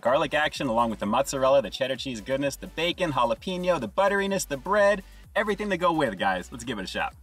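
A man's voice: mid-range voice, fairly bright tone, recorded from a distance. A man giving an enthusiastic casual food review, chatting to viewers and calling them "guys" as he tastes. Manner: enthusiastic, repeats "guys" and "action".

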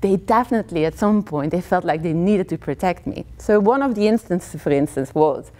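A woman lecturer from Belgium speaks English with a Flemish accent, her first language being Dutch. Her voice sits fairly low, and she tells her story with lively energy, breaking into short laughs between points. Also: brisk. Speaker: criminology lecturer. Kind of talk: university talk.

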